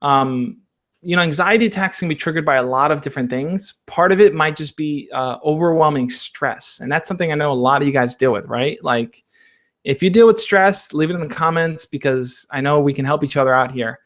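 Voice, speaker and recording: A man's voice: a little high, a little fast, fairly bright tone. Encouraging man hosting casual Q&A. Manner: encouraging, coach-like advice giving; conversational, checks in with listeners. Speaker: advice channel host. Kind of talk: casual Q&A livestream.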